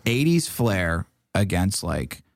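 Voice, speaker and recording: Low gravelly dude rambling on a podcast, lots of swearing, dry close mic. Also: male voice, very animated, takes it slowly, dry recording. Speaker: podcast guest, comedian. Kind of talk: casual chat.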